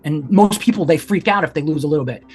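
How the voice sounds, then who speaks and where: A man's voice: a little high, fast talker, darkish tone, breathy edge. A man in his forties speaks as a podcast guest. He tells his story in a raw, intense way, swearing often and leaning on "like." Faint music plays under his voice. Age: 40s. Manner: candid and intense, swears, fillers of "like". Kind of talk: emotional personal storytelling.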